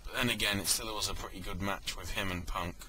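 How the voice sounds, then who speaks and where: A man's voice: low voice, steady tone, fast talker, crowd noise, poor audio. A man giving a casual spoken review, rambling and correcting himself, with joking asides. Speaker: wrestling event reviewer.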